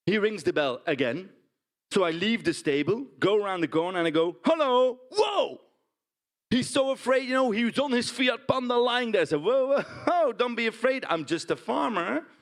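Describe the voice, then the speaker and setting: An actor with a Dutch accent plays a blunt, indignant pig farmer in a stage monologue, often tagging lines with "huh?" and "right?". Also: male voice, fairly high pitch, natural voice. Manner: blunt, animated storytelling with frequent "huh?" and "right?" tags. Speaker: stage performer. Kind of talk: theatrical monologue.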